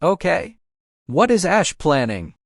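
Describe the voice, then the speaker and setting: A man's voice: fairly high pitch, takes it slowly, creaky, no echo, studio quality, exaggerated voice. A man doing a bellowing stadium announcer. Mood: astonished. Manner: bellowing, excited announcer patter. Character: excitable male stadium announcer.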